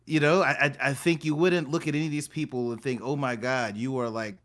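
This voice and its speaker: A man's voice: mid-range voice, fairly even intonation, a little fast, a bit bright. A middle-aged man co-hosting a casual podcast chat, frank with his opinions and laughing often. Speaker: podcast co-host.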